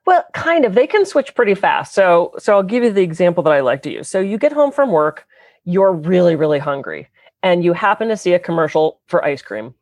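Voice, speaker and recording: Low-voiced woman explaining, dry sound. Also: sing-song, fairly quick, a little mellow, no room sound. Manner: earnest, explanatory, slips into quoted voices. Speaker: guest, therapist. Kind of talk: conversational explanation.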